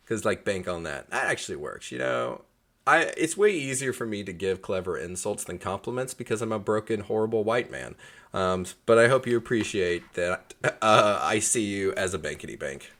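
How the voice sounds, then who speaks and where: A man's voice: lowish voice, lively intonation, moderate pace, fairly bright tone. Rambling, joking male podcast host. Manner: rambling, joking, many fillers. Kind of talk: casual interview chat.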